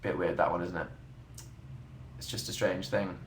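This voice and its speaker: A man's voice: deep voice, steady tone, moderate pace, roomy sound, slight background noise. A young man hosting a casual livestream, chatting in a dry, self-mocking way as he answers viewer comments. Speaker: livestream host.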